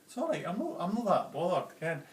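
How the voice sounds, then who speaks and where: A man's voice: high-pitched, very animated, a little fast, slight background noise. A man voicing a heartbroken, lonely customer in a joke, talking in a broad, chatty way; a roomy, distant home video. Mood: pleading.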